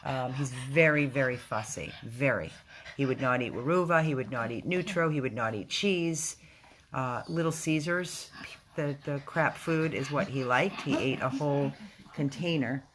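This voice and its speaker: Very low-voiced woman rescue volunteer. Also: a little hiss or hum. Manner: emotional, halting, with restarts. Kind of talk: casual video update. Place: rescue house, indoors.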